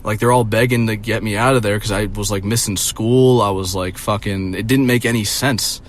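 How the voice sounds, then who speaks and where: A man's voice: lowish voice, fairly even intonation, moderate pace. Young male vlogger, casual rambling rant, profane, filler-heavy, faint background hiss.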